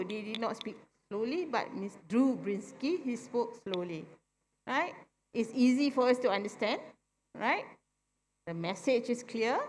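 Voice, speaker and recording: A woman's voice: fairly high pitch, slight background noise. A middle-aged woman with a Malaysian English accent gives a public talk to an audience, often asking "right?" to check that they follow. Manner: keeps asking "right?" for agreement, explains slowly and plainly. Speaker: forum speaker. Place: convention centre hall. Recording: long hall reverb from a convention centre.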